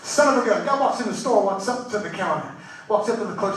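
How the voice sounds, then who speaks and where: A man's voice: sits high, animated, quick pace, a bit bright. A man doing live stand-up, firing off one-liners and acting out each character. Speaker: stand-up comedian. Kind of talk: live stand-up joke telling. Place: live show stage, Las Vegas. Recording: echoey hall from far off.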